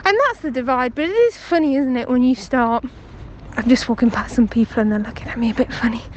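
A woman's voice: a little high, fast talker, lo-fi sound, noisy background. A young woman from England leaving a chatty voice note while walking down the street, telling a story in an amused way. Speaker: caller leaving a voice message. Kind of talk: casual voice note. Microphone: phone.

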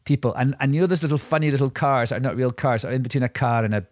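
A man's voice: mid-range voice, rapid-fire, no echo. Rambling man telling anecdotes, dry mic. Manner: rambling, self-interrupting anecdotes with many restarts. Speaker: podcast co-host. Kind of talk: casual storytelling chat.

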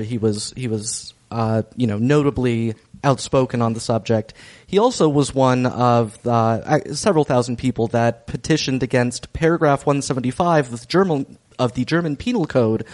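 A man's voice: mid-range voice, normal speed, a little mellow. A man co-hosting a podcast, telling a history story in casual chat, with many fillers and restarts. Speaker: podcast co-host.

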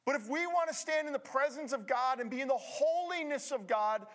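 A middle-aged man preaching with a high, reedy voice. He swings from ringing emphasis down to quiet, confiding asides, the pace speeding up and slowing down as he drives his points home. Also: animated. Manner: dramatic preaching with wide swings between loud emphasis and hushed asides. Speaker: pastor. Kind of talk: sermon.

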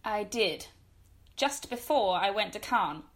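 An actress playing a brisk, formidable aunt in a comic radio drama, with a scornful, commanding manner. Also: female voice, mid-range voice, lively intonation. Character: brisk formidable middle-aged English aunt.

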